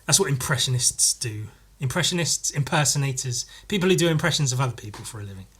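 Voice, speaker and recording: A man's voice: mid-range voice, lively intonation, fast, a bit bright, slightly rough. A man hosting a solo comedy podcast, rambling and meandering, often stumbling and repeating words as he goes. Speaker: podcast host.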